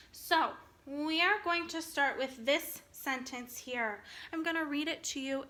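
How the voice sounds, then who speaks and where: A woman teaching a recorded phonics lesson to kindergartners, speaking slowly and clearly in an encouraging way. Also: high voice, pushed and bright. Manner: slow, clear, encouraging teacher talk to young children.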